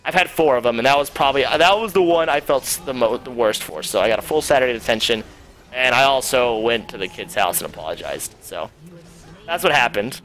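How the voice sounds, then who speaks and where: Bright-voiced young man telling a story. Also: medium pitch, a little fast, faint music behind. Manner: rambling and profane, with frequent fillers. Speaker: streamer. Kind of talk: casual storytelling.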